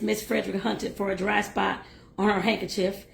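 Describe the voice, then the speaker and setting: A woman reading a novel aloud and breaking off for lively, chatty asides to her listeners. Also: on the high side, moderate pace, vocal fry. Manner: lively, laughs and talks to listeners directly. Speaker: host and reader.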